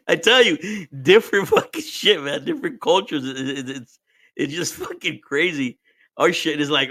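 A man with a Mexican accent tells family stories in a loose, profane podcast chat. His voice is bright and forward, and he slips between English and Spanish mid-sentence with frequent laughs. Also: fairly high pitch, animated, normal speed, no room sound, studio quality. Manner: swears freely, switches between English and Spanish, laughs often. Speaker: podcast host. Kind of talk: casual storytelling chat.

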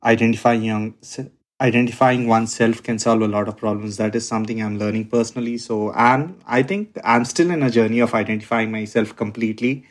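A man's voice: fairly low pitch, fairly even intonation, fairly quick. A man co-hosting a podcast in casual chat, hesitant and full of filler sounds. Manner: hesitant, many filler uhs. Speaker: podcast co-host.

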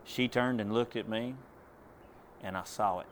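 A preacher with a lowish, fairly even voice speaks a little slowly over a faint hiss or hum. He gives a testimony in a sermon, telling his story in a plain, drawling manner that rises to loud commands.

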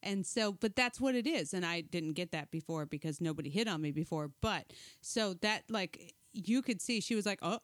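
A woman's voice: on the low side, expressive, normal speed, few pauses, no room sound, clean studio sound. A middle-aged woman co-hosting a casual podcast, chatting and retelling scenes with quoted voices. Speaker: podcast co-host. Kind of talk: casual chat recapping a reality show.

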